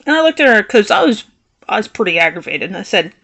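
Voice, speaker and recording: A woman's voice: medium pitch, fast talker. Indignant woman telling a story. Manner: animated, indignant, sarcastic. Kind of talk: storytelling vlog.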